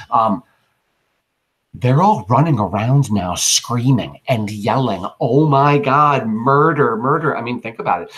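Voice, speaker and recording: A man's voice: medium pitch, a bit bright, breathy edge. A man teaching a play, explaining the scenes in a chatty way and speaking directly to his students. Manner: chatty, addresses the class directly. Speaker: English teacher. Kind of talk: classroom play reading and explanation.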